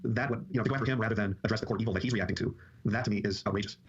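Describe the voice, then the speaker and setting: A man's voice: fairly low pitch, fairly even intonation, racing, breathy edge. A man on a podcast talking politics in an impassioned, speechifying way, on dull lo-fi audio. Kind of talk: casual political chat.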